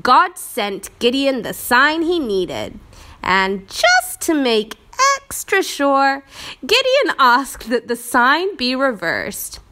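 A woman teaching a church lesson, telling a Bible story in a slow, expressive storytelling manner. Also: high-pitched.

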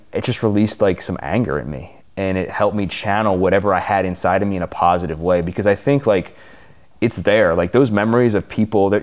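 Deep-voiced guy talking quick, earnest, lots of "like". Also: darkish tone. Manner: earnest, open, uses lots of "like". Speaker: guest, fitness coach. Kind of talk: interview answers.

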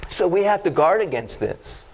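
A pastor preaches in a church with a notably high male voice, talking in a relaxed, conversational way. He mixes jokes into his message and keeps checking in with the congregation. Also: moderate pace, slightly rough. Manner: conversational, humorous, engaging the congregation. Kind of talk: sermon with storytelling.

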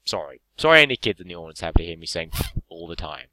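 A man's voice: sits low, big pitch swings, quick pace, sharp tone, slight background noise. A young man with an English accent, opening card packs on camera in hyperactive, sweary casual commentary. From England. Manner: hyperactive, swearing, laughing often.

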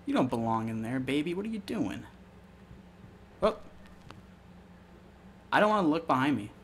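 A young man commenting on a horror game as he plays it. His pitch sits in an ordinary middle range, and he swears freely and jumps into startled yelps. A faint hiss runs under the recording. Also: normal speed. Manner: swearing, jumpy and excitable, yelps when startled. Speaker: let's play gamer.

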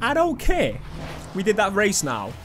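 A young man giving cheeky, sweary, excitable commentary while playing a video game. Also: high voice, unhurried, noisy background. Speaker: gaming YouTuber. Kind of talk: casual gameplay commentary. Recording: game music playing underneath.

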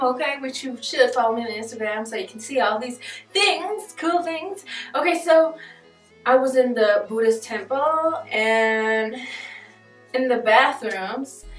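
A young woman vlogging in a casual, chatty way, full of joking asides and laughs. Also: high-pitched. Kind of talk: casual vlog chat. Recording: echoey room, mic at a distance, faint music.

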